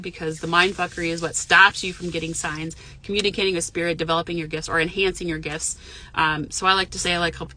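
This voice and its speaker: A woman's voice: lowish voice, bright, forceful tone, slight background noise. A woman who works as a spiritual medium, talking casually from her parked car in a frank, profane, rambling way with lots of fillers. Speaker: intuitive medium and spiritual mentor. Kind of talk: casual live chat to viewers.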